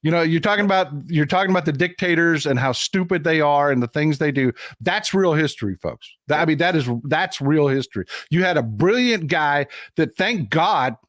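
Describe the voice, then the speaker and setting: A male host chatting casually, telling stories in a rambling, animated way full of restarts. His voice sits a bit high. The sound is dry and close, with no room around it. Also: normal speed, few pauses, dry recording. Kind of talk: casual political chat.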